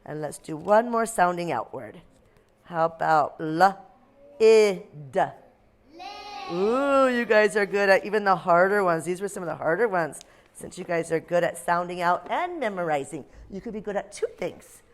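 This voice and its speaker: A woman's voice: fairly low pitch, expressive, normal speed. A woman teacher leading a classroom phonics lesson for young children, sounding out letter blends and reading them a story.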